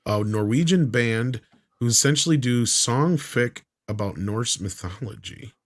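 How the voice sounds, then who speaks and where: A man's voice: medium pitch, unhurried. A man hosting a casual panel chat, reading out viewer comments and joking with the others. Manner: laughs often, loose and joking.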